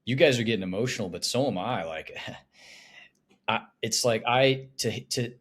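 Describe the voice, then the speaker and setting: A man in his thirties talking on a podcast in an animated, emotional way, often laughing. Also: mid-range voice, unhurried. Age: 30s.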